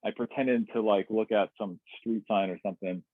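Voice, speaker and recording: A man's voice: lowish voice, steady tone, moderate pace, dry recording. A man telling a personal story as a webinar guest, candid and reflective, with many fillers and restarts. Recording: tinny dry webinar audio.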